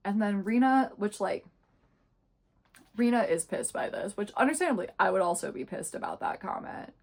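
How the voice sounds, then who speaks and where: Chatty young woman with vocal fry. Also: medium pitch, moderate pace, a little mellow. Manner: chatty, sarcastic, many fillers. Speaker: book reviewer. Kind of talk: casual chat.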